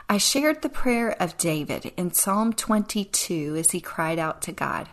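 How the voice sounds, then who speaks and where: A woman's voice: on the low side, expressive, a little slow, few pauses. A woman hosting a devotional podcast, speaking in an earnest, reflective way that sometimes sinks to a near whisper. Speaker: podcast host.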